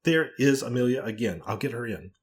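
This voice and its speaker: A man putting on a forceful, indignant middle-aged woman. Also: medium pitch, lively intonation, a little fast, lightly acted. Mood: forcible. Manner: insistent and forcible.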